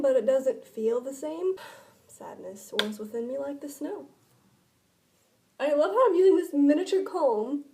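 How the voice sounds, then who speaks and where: A woman's voice: high voice, dark tone. A woman chatting casually in a vlog at home, rambling and filling her talk with "like.". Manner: rambling, chatty, many filler "like"s. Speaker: vlogger. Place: indoors at home, by a window.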